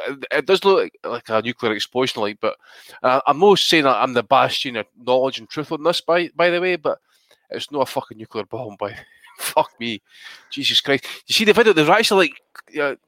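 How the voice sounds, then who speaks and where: A man co-hosts a casual podcast, telling stories with heavy swearing and lively energy. His voice sits in a middle range. The recording is dry and close. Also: mid-range voice, no room sound. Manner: heavy swearing, animated storytelling. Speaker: podcast co-host.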